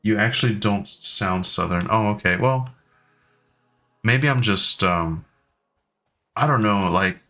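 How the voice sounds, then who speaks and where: Slow and full of long pauses, this lowish, pushed and bright voice belongs to an American man in his thirties. Faint music sits behind his casual, rambling stream chat, which is packed with ums and restarts.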